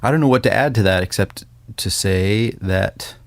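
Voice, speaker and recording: A man, a songwriter and author, talking casually and thoughtfully, with pauses and easy laughter. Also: fairly low pitch, gravelly, dry recording. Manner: reflective, hesitant, laughs easily. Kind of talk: casual conversation.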